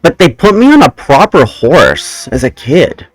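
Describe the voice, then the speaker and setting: Animated man telling a long story. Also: a little high, a little slow, no room sound, low-quality recording. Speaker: host. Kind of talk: casual chat.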